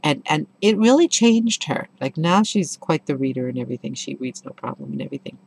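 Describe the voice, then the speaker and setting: A middle-aged woman with a strikingly deep, low voice talks through a book review in a relaxed, chatty manner, weaving in anecdotes. She tells her stories expressively, with obvious enthusiasm, at a fairly quick pace.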